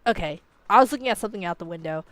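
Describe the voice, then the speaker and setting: A woman's voice: medium pitch, expressive, racing, fairly bright tone, dry recording, soft background music. A young woman ranting casually and playfully, laughing often and filling her talk with "like" and "you know". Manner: playful, slightly profane. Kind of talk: casual rambling commentary.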